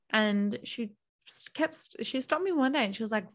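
A young adult woman co-hosting a podcast, talking openly and earnestly in casual chat, animated when telling stories. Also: on the high side, moderate pace. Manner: open, earnest, animated storytelling. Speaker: podcast co-host.

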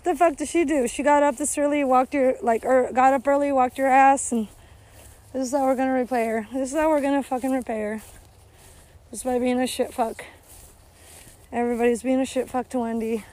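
A woman with a somewhat high voice rambles through a casual podcast outdoors while walking her dog at night. She swears constantly and drifts between topics. She breaks off to shout commands at the dog. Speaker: podcast host.

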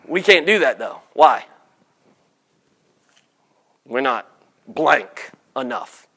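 A man preaching a sermon, animated, slipping into mock voices for the people he describes. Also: medium pitch, drawn-out words, husky.

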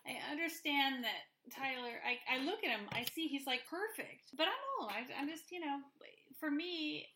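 A woman co-hosting a casual chat, teasing and joking about herself, with halting restarts. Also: sits high, expressive, sharp tone, a little hiss or hum. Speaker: podcast co-host. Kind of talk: casual chat recapping a TV show.

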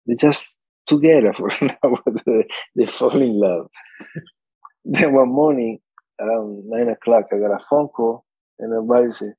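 A man's voice: mid-range voice, normal speed, breathy edge, no echo, low-quality recording. An older man, an interview guest telling stories, laughing often and acting out quotes. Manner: animated storyteller, laughs often, acts out quotes. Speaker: interview guest, saxophone repairman. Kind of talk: casual interview chat.

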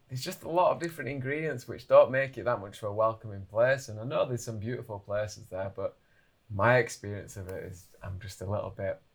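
A young man speaking in a lowish voice. He tells a long story in a casual, lively way. His sentences are full of fillers and quoted asides. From England. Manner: animated, filler-heavy anecdote telling.

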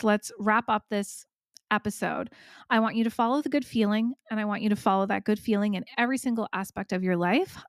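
Woman podcast host, encouraging direct coaching, mid pitch, dry recording. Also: no room sound. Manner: warm encouraging, speaks directly to listener. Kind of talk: solo podcast coaching talk.

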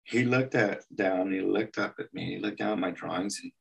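Recorded from afar, this El Paso man has a deep, creaky voice at normal speed. He's an animation artist sharing stories during an interview, lively in delivery and performing the lines he quotes.

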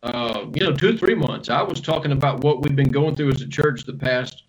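A pastor, answering interview questions in a relaxed, storytelling way with self-deprecating humor. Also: male voice, medium pitch, normal speed, poor audio.

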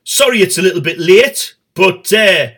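A man's voice: high-pitched, lively intonation, normal speed, pushed and bright. A middle-aged man hosting a satirical comedy show, rambling and swearing with stumbling restarts.

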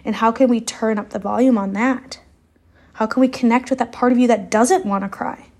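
A woman's voice: a little high, fairly even intonation, brisk, vocal fry, darkish tone. A young adult woman, hosting a solo podcast in a loose, candid, rambling way with lots of "like". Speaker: podcast host.

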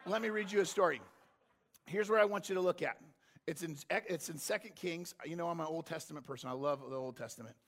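A man preaching a sermon in a conversational way, acting out characters from the story and building to loud, intense passages. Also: high-pitched, vocal fry. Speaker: pastor.

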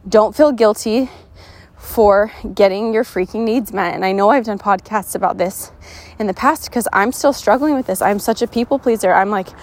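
A woman's voice: mid-range voice, normal speed. Chatty woman podcast host. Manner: chatty, many "like" fillers and restarts; earnest and encouraging. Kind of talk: casual motivational podcast talk.

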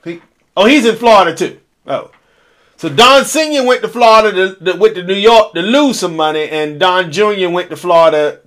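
Bright-toned and high-sitting, this solo podcast host's voice is expressive and moderately paced, with clean studio sound and no room sound. He rambles in a jokey way, tossing out crude asides and talking to himself while scrolling.

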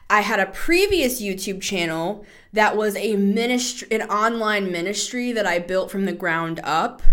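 A woman in her thirties hosting a casual tarot reading show, chatty and animated, laughing often and swearing freely. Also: mid-range voice. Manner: animated, shifts into playful voices. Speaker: tarot podcast host.

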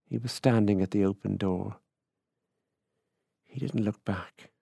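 A man giving a measured literary reading of a short story. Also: lowish voice, fairly even intonation, gravelly, warm tone, husky, no room sound, studio quality. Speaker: reader.

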